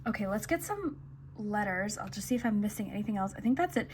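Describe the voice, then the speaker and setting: A woman's voice: mid-range voice, fast talker, noisy background. A woman giving a casual tarot card reading to viewers, talking in a chatty, reassuring way with lots of fillers. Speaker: tarot reader. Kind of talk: casual intuitive reading to camera.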